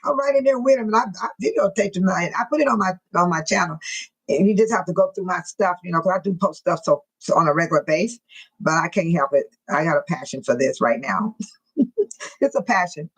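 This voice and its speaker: A woman's voice: on the low side, lively intonation, a little fast, breathy edge, low-quality recording. A woman hosting a casual live stream, greeting viewers by name and reading out their comments, often laughing and teasing.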